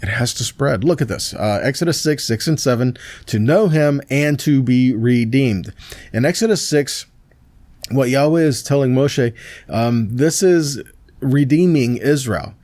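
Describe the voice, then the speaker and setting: A male pastor reads Bible verses aloud and then unpacks them in a relaxed, conversational way, pausing to ask his listeners "right?" and "see that?". His voice sits at a middle pitch. The sound is dry and close, with no room echo. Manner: conversational, with fillers and restarts. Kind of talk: Messianic Torah teaching.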